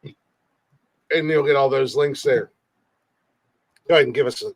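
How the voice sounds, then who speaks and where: A man's voice: medium pitch, steady tone, unhurried, no echo. Joking male podcast host, dry mic. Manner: rambling, joking, laughs often. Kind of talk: casual comedy chat. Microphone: livestream mic.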